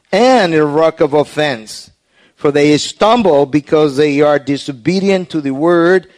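A man preaching a sermon, explaining a scripture passage in an earnest, teaching way with frequent restarts. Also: on the high side. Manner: hushed, soft prayer. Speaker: pastor.

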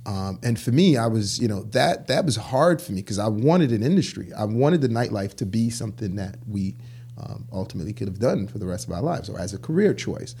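A man with a low, mellow voice and a husky edge recounts his business history in a relaxed, conversational way. He slips into other voices when he quotes people. He is a guest in an interview. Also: a little fast. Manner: animated, acts out quoted dialogue. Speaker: guest, clothing store founder. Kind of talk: casual interview storytelling.

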